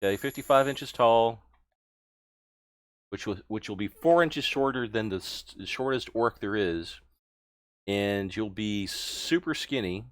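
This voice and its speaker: A man's voice: fairly low pitch, a little slow, clean tone, no echo. Patient male game master, dry sound. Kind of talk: narrating a tabletop game.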